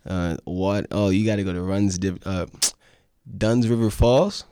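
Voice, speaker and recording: A man's voice: sits low, unhurried, dark tone, clean tone, no echo, studio quality. A young man from a Jamaican family, chatting as a podcast guest in a laid-back, jokey, boastful way. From United States, Jamaican parents. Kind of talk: casual chat.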